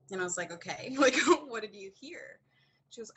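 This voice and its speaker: A woman's voice: medium pitch, a little fast, slight background noise, low-quality recording. A woman as a podcast guest, telling a candid story with lots of acted-out dialogue and frequent laughter. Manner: animated, acts out quoted dialogue, laughs often.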